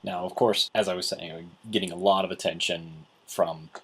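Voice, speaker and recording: A man's voice: low-pitched, fairly even intonation, normal speed, over loud music. A man vlogging a casual, rambling story recap, acting out quotes as he goes. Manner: rambling, with many restarts and acted quotes.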